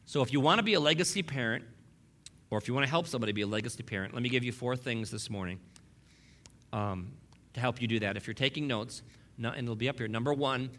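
Man, pastor, sermon, bright forceful tone, emphatic, repeats himself, wry asides. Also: mid-range voice, fast.

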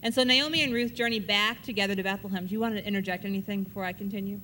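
A woman's voice: medium pitch, fairly even intonation, racing, sharp tone, slight background noise. Conversational woman teaching scripture. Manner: conversational, checks in with listeners. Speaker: Bible teacher. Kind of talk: Bible study teaching.

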